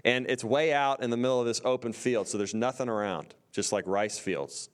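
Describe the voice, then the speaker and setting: A young man telling a story casually, getting excitable and acting out screams and voices. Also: medium pitch, normal speed. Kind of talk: animated storytelling.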